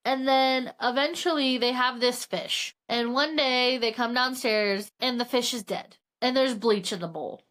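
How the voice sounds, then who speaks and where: A woman's voice: a little high, a little slow, hardly any pauses, a bit bright. A woman co-hosting a podcast, casually retelling a book's plot with swearing and acted-out quotes. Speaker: podcast co-host. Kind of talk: casual book recap chat.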